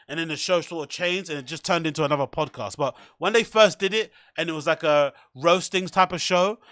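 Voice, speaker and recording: This podcast host has a notably high, bright, forceful voice and offers casual livestream commentary on clips, swearing freely and laughing often. He comes across as incredulous and teasing. The sound is dry and close-miked, with no room sound.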